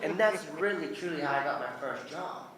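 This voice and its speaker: Animated New Zealand man in a roomy hall. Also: a little high, a little fast, a loud crowd. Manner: lively, acts out voices in his anecdotes, laughs often. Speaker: convention guest. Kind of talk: animated storytelling Q&A. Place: convention hall.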